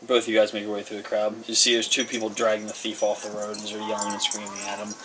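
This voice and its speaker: A man's voice: fairly low pitch, completely flat delivery, fast talker, bright, forceful tone. A man running a tabletop game as game master, narrating in a casual, rambling way with lots of fillers. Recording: distant mic with faint noise.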